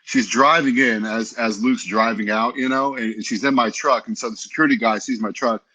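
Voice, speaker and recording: A man's voice: medium pitch, steady tone, moderate pace, pushed and bright. A young man, a podcast guest, telling stories in a laid-back, teasing way. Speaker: podcast guest, football lineman. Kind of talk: casual storytelling chat.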